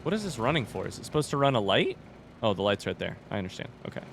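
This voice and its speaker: A man's voice: fairly low pitch, big pitch swings, very fast, creaky, noisy background. A young man casually commenting on a game he is playing live, chatting with viewers, reading their messages aloud and swearing now and then. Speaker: streamer. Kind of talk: casual let's-play commentary.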